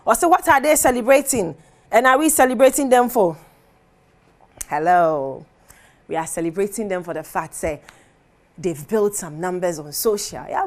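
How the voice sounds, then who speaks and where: A woman with a Ghanaian accent hosting a TV entertainment segment, chatting animatedly and laughing as she switches languages. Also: a little high. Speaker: TV show host. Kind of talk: casual entertainment commentary. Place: TV studio.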